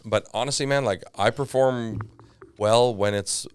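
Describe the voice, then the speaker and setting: A man's voice: mid-range voice, measured pace, smooth. A Canadian man, a comedian and podcast guest, telling stories in a casual chat full of asides and fillers. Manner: animated storyteller, lots of fillers and asides.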